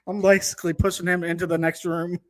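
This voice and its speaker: A woman telling a story in casual chat, unhurried and laughing as she goes. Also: on the low side, little pitch movement.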